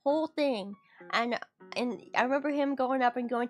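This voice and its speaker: A high-voiced woman streamer chats casually with her viewers at a normal speed, loud music playing behind her. She rambles, giggles, and talks straight to chat in this easygoing livestream.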